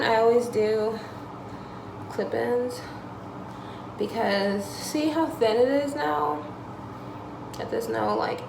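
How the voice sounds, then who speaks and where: Young woman vlogger, high voice, very lively pitch, blunt and profane. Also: noisy background. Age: 20s. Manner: animated, acts out both sides of the exchange, swears freely. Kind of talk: casual storytime vlog. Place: home, in the evening. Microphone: phone or camera held close.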